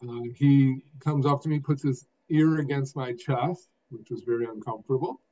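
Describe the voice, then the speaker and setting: An older man, a guest telling his story in an expressive, emphatic way, phrase by phrase. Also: mid-range voice, moderate pace. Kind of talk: conversational storytelling. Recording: dull lo-fi sound.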